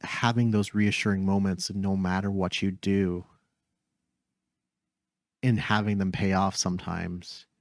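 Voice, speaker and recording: A man co-hosts a casual podcast and reflects in a measured, thoughtful way. His voice is very deep, and the recording is dry and close. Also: level tone, dry recording. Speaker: podcast co-host.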